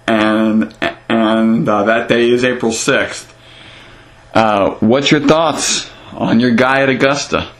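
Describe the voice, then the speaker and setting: Halting male interviewer, many fillers. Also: medium pitch, a bit bright. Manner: halting, heavy on filler sounds. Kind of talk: casual interview questions.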